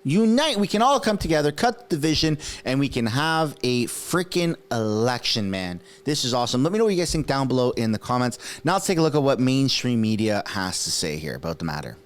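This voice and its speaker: A man in his thirties who grew up speaking French, hosting his own political commentary channel. He talks casually and excitably, mocking his targets and often bursting into enthusiasm. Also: mid-range voice, fairly quick, hardly any pauses. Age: 30s.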